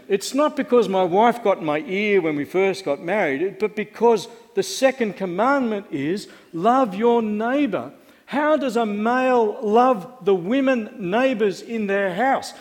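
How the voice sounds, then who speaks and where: Middle-aged male pastor, conversational and wry sermon delivery, echoing church hall. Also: high voice. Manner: conversational, wry, asks the congregation questions. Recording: long reverb of a church hall.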